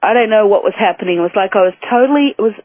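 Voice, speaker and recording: A woman's voice: medium pitch, very fast, dry recording. A woman guest in a phone interview, earnestly telling a personal story with many restarts. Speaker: guest, spiritual author and healer. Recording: tinny phone line, dry.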